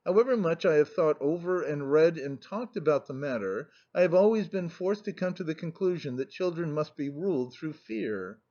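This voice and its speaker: A man's voice: a little high, lively intonation, moderate pace, darkish tone, lightly acted. A male narrator reading the lines of a talkative, vivacious middle-aged princess who argues as if contradicted, on a muffled recording. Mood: insistent. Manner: eloquent, insistent.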